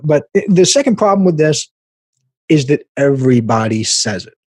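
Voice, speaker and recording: A man hosting a podcast, giving blunt, animated business advice in a casual way and laughing at himself now and then. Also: on the high side, moderate pace, no room sound. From American Midwest. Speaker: podcast host, business coach.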